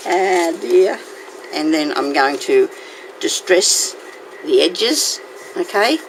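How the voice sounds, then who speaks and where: A woman with a low voice and lively intonation speaks slowly while hosting a casual crafting tutorial. She's chatty, talking to her viewers and to herself as she works. The home recording is noisy.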